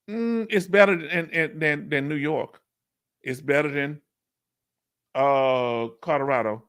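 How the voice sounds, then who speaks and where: A Southern-accented man from Houston, Texas, reads viewer comments on his casual veteran livestream Q&A. His voice is on the high side, and his delivery is spirited and slangy.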